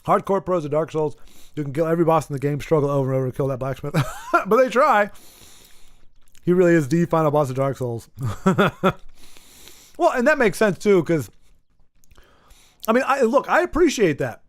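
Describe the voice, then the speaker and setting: Male streamer from Michigan, slightly high voice, loose rambling chat full of restarts, bone-dry close sound. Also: sing-song, a little fast, pauses often, no echo. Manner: rambling, stumbles and repeats words. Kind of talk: casual gameplay chat, reading viewer messages.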